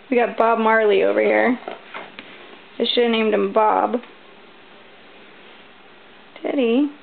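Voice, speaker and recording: A woman coos at her dogs in playful, sing-song baby-talk. Her voice is high and her pace leisurely. The tinny home recording carries a faint hiss. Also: expressive, drawn-out words, vocal fry, long pauses. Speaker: dog owner filming her pets. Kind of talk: baby-talking to pets. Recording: tinny, lo-fi home video audio.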